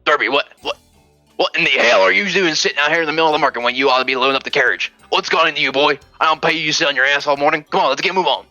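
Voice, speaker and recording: Guy doing a bossy old halfling merchant, yells and swears, bright voice. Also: on the high side, racing, no echo, lo-fi sound, faint music behind, pitched above the performer's own voice. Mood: grumpy. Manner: barking, bossy, cursing.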